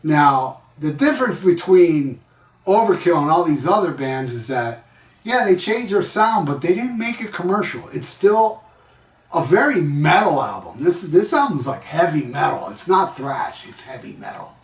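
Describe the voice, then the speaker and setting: A man's voice: a little high, big pitch swings, moderate pace, reverberant, distant mic. A man giving a casual, rambling album review in a laid-back storytelling manner, full of slang. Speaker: music vlogger.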